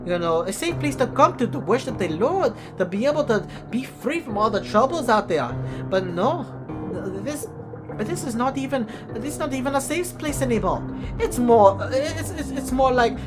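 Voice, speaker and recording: A woman plays an exasperated churchgoing sister, ranting at her brother and tripping over her words as she piles up complaints. Her voice sits fairly high and swings widely in pitch. Music plays clearly in the background. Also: close to an everyday voice. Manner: stammering, repetitive, ranting. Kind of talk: comedic skit acting.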